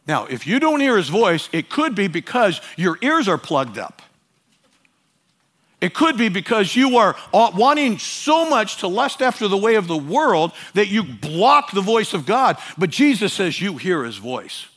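High-voiced man preaching a sermon. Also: very animated, unhurried, breathy edge. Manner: emphatic, swings between loud urging and quiet asides; repeats phrases for emphasis. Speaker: pastor.

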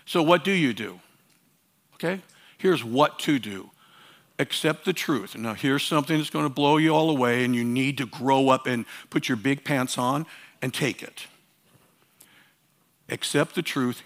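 A man preaching a sermon as pastor, emphatic and repetitive, swinging between loud urging and quiet asides. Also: mid-range voice, normal speed, pauses often. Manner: repeats phrases for emphasis.

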